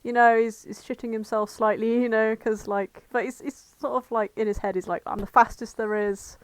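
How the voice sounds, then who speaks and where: A woman's voice: a little high, steady tone, brisk, clean tone, no room sound. A woman co-hosting a podcast, chattily retelling a fan fiction with giggles and casual swearing. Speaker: podcast co-host. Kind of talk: casual fanfic review chat.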